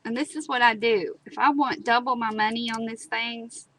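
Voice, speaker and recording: A woman's voice: a little high, fairly even intonation, normal speed, bright, forceful tone, rough recording. A woman, chatting and telling stories while demonstrating a craft project. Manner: chatty storyteller, dramatic repetitions. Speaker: craft video host. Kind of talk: casual chat and craft demo. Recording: clear background noise, live stream.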